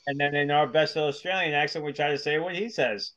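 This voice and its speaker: A man's voice: on the high side, steady tone, fairly quick, background noise. A man co-hosting a podcast in casual chat, rambling with repeated words and laughing easily. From United States. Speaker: podcast co-host.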